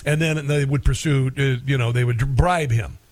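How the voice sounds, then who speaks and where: Rambling middle-aged radio host, dry sound. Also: male voice, mid-range voice, normal speed, darkish tone, no room sound. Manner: rambling, folksy, lots of fillers. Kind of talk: talk radio monologue.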